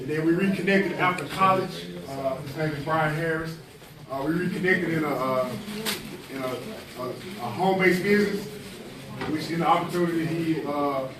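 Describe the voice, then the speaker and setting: A man introducing a guest speaker to students in a large hall, talking in a halting, hesitant way. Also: fairly high pitch. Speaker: event introducer. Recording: echoey hall from far off, crowd noise.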